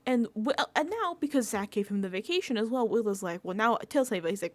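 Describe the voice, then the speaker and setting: Young woman vlogger, bright high voice, lively, dry close mic, casual recap chat. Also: fast talker, few pauses, dry recording. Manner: animated, mimics people in whiny pleading voices, swears casually.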